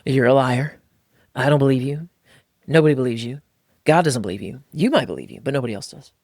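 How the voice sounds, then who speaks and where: A man's voice: medium pitch, brisk, creaky, a little mellow, no room sound, studio quality. An American man co-hosting a casual podcast, talking bluntly and energetically, often mimicking other voices. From United States. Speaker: podcast co-host.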